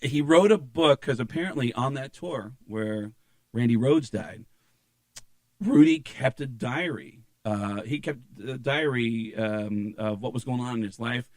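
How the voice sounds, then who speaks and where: A male stand-up comedian telling stories in a casual chat, animated and profane, slipping into voices. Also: mid-range voice, a little slow, no echo.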